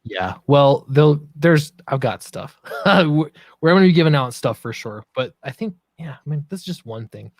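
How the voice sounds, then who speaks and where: A man's voice: fairly high pitch, lively intonation, moderate pace, hardly any pauses, darkish tone, no room sound. A man who makes comics, chatting casually on a stream and talking with many hesitations. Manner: hesitant, many fillers and restarts. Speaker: comic creator, stream host. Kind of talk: casual chat.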